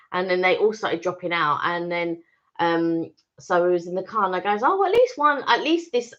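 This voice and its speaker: A woman co-hosting a casual live-stream chat, telling stories animatedly and acting out what people said. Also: lowish voice. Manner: animated storyteller, acts out quoted speech. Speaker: vlog co-host. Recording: dull lo-fi stream audio.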